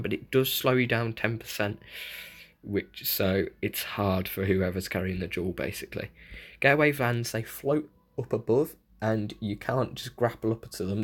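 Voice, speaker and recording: Young male gaming creator, lowish voice, casual patch-notes read with eager reactions. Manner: casual, excitable asides between read-out notes. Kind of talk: reading patch notes with commentary.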